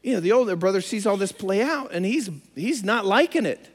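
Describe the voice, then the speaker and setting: A man's voice: high-pitched, animated, fairly quick, few pauses. A man preaching a sermon who acts out the characters of the story he tells. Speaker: pastor. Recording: long hall reverb.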